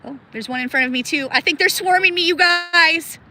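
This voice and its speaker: A woman's voice: very high voice, a little fast, sharp tone, slight background noise. A woman livestreaming from a cold river outdoors, chatting casually with viewers by name and laughing often, shivering with cold. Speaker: livestream host.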